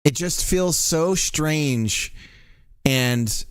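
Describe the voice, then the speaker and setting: A man's voice: a little high, animated, extremely slow, smooth, no echo, clean studio sound. A man streaming his game development, chatting casually in a rambling way, laughing, swearing and correcting himself as he goes. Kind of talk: casual live-stream chat while coding.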